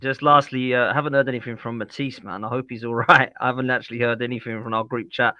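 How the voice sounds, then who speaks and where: A man's voice: medium pitch, steady tone, fast talker, bright, forceful tone, no echo, lo-fi sound. A man hosting a football podcast, laid-back and teasing in casual banter. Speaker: podcast host.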